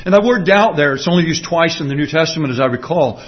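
High-voiced earnest man preaching. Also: animated, muffled recording. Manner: earnest expository preaching, slowing down to stress points. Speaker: pastor. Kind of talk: sermon.

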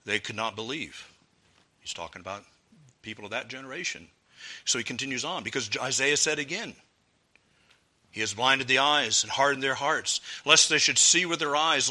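A man preaching a sermon, moving from loud, ringing exclamations down to hushed, quiet passages. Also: medium pitch.

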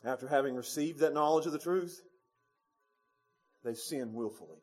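A man, preaching a sermon in a church, moving between quiet low passages and loud emphatic peaks with chuckles. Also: normal speed, faint music behind. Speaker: pastor. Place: church sanctuary.

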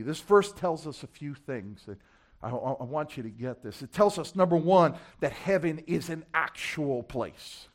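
A man preaching a sermon, dropping to hushed asides and swelling to loud, emphatic climaxes, repeating key phrases and stumbling over words as he builds. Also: a little high, lively intonation, moderate pace. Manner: stammers and restarts when building to a point.

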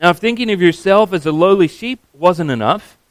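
A man preaching a sermon, earnest and emphatic, slowing down to stress key words. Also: high-pitched, animated, no room sound.

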